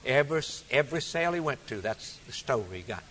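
A male preacher delivering a sermon emphatically, repeating phrases and swinging between loud and soft. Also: medium pitch, lively intonation, a little fast.

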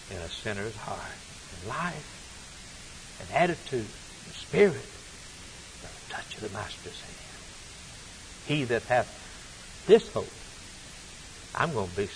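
A man preaching a sermon, swinging from loud, rising appeals to hushed, low passages. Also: a little hiss or hum, rough recording.

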